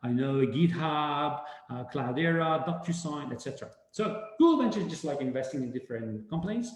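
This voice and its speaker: A man giving a casual webinar talk, animated and rambling, full of fillers and restarts. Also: a little high, brisk. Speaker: webinar speaker. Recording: very echoey room.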